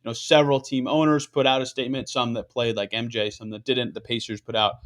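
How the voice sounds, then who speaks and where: A man hosting a casual sports podcast, talking it through conversationally. His voice sits at an ordinary middle pitch, and he leans on plenty of fillers as he goes. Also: little pitch movement, quick pace. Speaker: podcast host.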